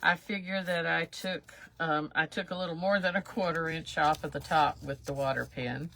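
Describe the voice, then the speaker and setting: A woman's voice: low voice, fairly even intonation, moderate pace, gravelly, a bit bright. A woman hosting a live craft demonstration, chatting in a rambling, self-deprecating way as she works. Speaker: craft livestream host.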